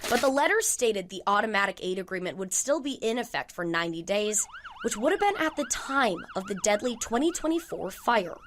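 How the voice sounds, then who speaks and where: A woman reporter narrating a news investigation in a measured, formal delivery. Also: fairly high pitch, wildly swooping pitch, background noise. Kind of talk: scripted news narration and interview questions.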